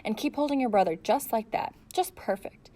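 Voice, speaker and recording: Woman narrator doing a bright, pushy TV newswoman, insistent. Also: a little high, lively intonation, moderate pace, lightly acted. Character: pushy woman television reporter.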